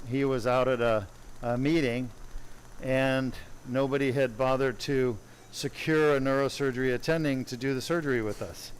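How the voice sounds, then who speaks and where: A man's voice: medium pitch, slight background noise, low-quality recording. Chatty male neurosurgeon telling a story. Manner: conversational, digressive, with asides. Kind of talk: storytelling on a livestream.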